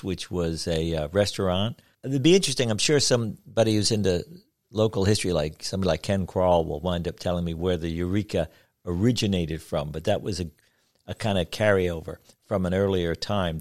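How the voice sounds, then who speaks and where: A man in his seventies reading his own folksy story, then chatting in an unhurried way with some hesitation. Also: low voice, no echo, clean studio sound. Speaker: storyteller, author.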